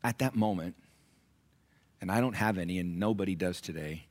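In his sermon, a middle-aged pastor tells stories quietly, then rises into loud exhortation at a high pitch.

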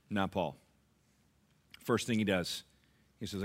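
A man preaching a sermon as pastor, telling stories and quoting scripture, swinging between low, quiet asides and loud emphatic peaks. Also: takes it slowly, pauses often.

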